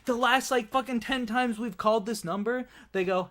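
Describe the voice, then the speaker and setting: A man cohosting a podcast in loose, foul-mouthed banter. His voice sits high for a man, and he talks with excitable energy. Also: a little fast, hardly any pauses. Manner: excitable, laughing, crude banter. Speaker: podcast host. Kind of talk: casual chat.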